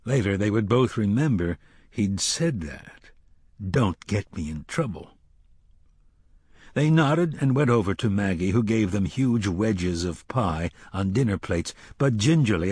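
Husky-voiced man reading a story. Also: on the low side, expressive, darkish tone, dry recording. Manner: measured storytelling, lifts voice for dialogue. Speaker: audiobook narrator. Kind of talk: scripted narration with character voices.

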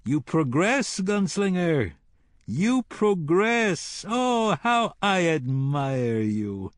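A man voicing a mocking, sinister male sorcerer in an audiobook, with theatrical, drawn-out taunts. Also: fairly high pitch, big pitch swings, no room sound, clean studio sound, pitched above the performer's own voice, full character voice. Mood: taunting. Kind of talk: audiobook character voice.

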